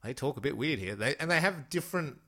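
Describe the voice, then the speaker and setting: An Australian man from Western Australia with a bright, forceful voice, co-hosting a film podcast. He keeps the talk moving in an easy, chatty way and laughs often. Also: on the high side, lively intonation, quick pace. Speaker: podcast co-host. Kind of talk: casual film podcast chat.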